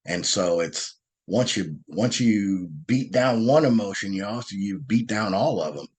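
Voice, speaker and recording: A man telling stories as a podcast guest, earnest and animated, often restarting his sentences. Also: fairly low pitch, measured pace, slightly rough. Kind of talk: conversational storytelling.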